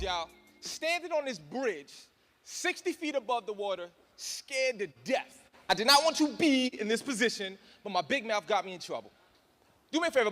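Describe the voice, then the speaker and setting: Animated high-voiced male motivational speaker. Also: long reverb tail. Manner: dramatic, acts out voices and screams, addresses crowd as y'all. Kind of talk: animated storytelling speech to an audience. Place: large hall in front of an audience.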